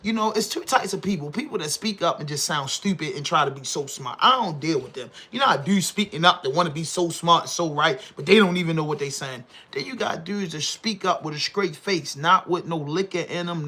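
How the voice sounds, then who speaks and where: Animated, bright-voiced Baltimore man ranting. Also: high-pitched. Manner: animated, heated, rhetorical questions, slangy. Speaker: podcast host. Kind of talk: casual commentary monologue.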